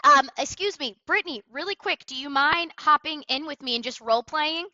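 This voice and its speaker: A woman sales coach giving an energetic, emphatic training talk on sales calls, with role-play, on a headset. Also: high-pitched, a little fast, no echo, muffled recording.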